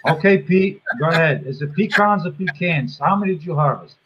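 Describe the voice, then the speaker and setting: A man's voice: fairly high pitch, lively intonation, fast talker, highs cut off, slight background noise. A man in a casual live chat, teasing the others in playful banter.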